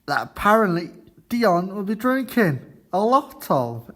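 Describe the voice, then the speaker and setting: A man presenting a student radio show in a halting, chatty way, often stopping to quiz his classmates in the studio. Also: sits high, big pitch swings, fairly bright tone. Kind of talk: casual radio chat.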